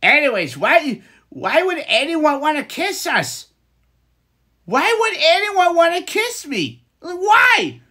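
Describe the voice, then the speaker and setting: Woman streamer, high and bright, unhurried, reacts to chat with exasperation. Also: sing-song. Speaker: live-stream host. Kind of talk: casual live-stream chat.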